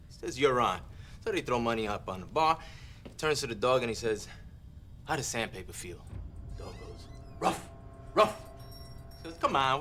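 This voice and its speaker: An actor playing a wisecracking cop who goes undercover as a gun dealer and loves telling jokes. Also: male voice, medium pitch. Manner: joking, lively storyteller. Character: wisecracking street cop, jokey and brash. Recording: film soundtrack with loud score. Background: music.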